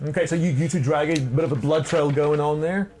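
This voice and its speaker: Game master, halting, slightly high. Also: male voice, a little mellow. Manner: halting, many fillers and restarts. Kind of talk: running a tabletop game.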